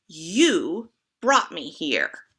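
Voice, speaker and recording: A woman doing a low, coaxing anger creature. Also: wildly swooping pitch, extremely slow, a bit bright, slightly rough, full character voice. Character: hairy red anger creature, calm and knowing.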